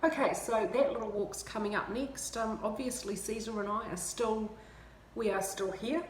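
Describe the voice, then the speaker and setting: A woman's voice: fairly high pitch, moderate pace. Chatty New Zealand woman vlogging. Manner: chatty and self-mocking, laughs often. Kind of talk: casual chat to camera. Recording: roomy with faint ambient noise.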